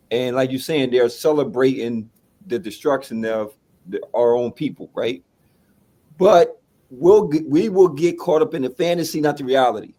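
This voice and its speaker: A man's voice: mid-range voice, mellow. Reflective man musing on a podcast. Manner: reflective, explains points step by step with tag questions. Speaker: podcast co-host. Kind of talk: casual movie chat.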